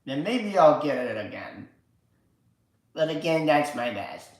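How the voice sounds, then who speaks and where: A man's voice: fairly high pitch, very animated, unhurried, a little hiss or hum. A man hosting a casual livestream, rambling and swearing with lots of filler words. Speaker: livestream host. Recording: very echoey room.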